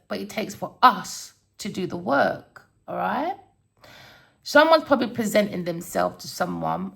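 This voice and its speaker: A woman's voice: medium pitch, vocal fry, fairly bright tone. A woman who reads tarot, telling of a dream and preaching warnings in a spiritual vlog, swearing and raising her voice. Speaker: tarot reader.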